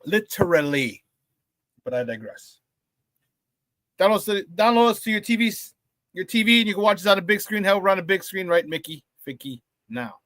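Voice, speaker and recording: A man hosts a morning sports talk show in a high, bright voice, loose and hyped as he jokes with viewers. His sound is dry and close, with almost no room in it. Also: expressive, normal speed, dry recording. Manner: playful and hype, reading viewer comments with laughs. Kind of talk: casual morning show chat.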